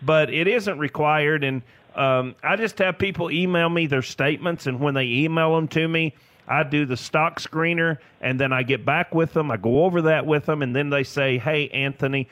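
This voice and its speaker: A man from Tennessee, US, chats enthusiastically as a financial advisor guest on a radio show, laughing often in casual conversation. His voice is fairly high and fairly bright, at normal speed, on a recording with no echo.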